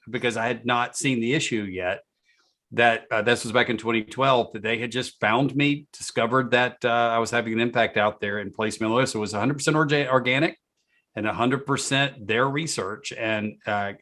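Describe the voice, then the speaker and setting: A man's voice: mid-range voice, steady tone, normal speed, a bit bright. A man from Georgia with a slight Southern accent, answering interview questions in an easygoing, self-deprecating way. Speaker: guest, author and speaker.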